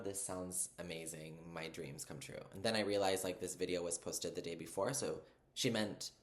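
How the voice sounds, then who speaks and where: A young man telling a story in a casual, excited, rambling way, full of fillers. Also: low voice. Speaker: vlogger.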